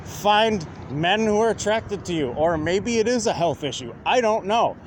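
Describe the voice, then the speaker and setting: A man's voice: high-pitched, expressive, normal speed, a little hiss or hum. A man ranting to his viewers in a combative, profane monologue, repeatedly asking whether they understand. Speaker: vlogger.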